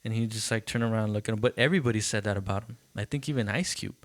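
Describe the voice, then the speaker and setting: Guy hosting a podcast, animated storyteller, does little voices for quotes, dry close sound. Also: on the low side, quick pace, no room sound. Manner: animated storytelling, acts out quotes, swears freely. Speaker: podcast host. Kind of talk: casual chat.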